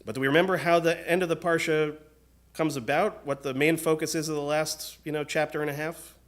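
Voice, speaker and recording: A man's voice: fairly high pitch, fairly even intonation. Man giving an earnest synagogue sermon. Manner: earnest, measured, often asks the room questions. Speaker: rabbi. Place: synagogue sanctuary.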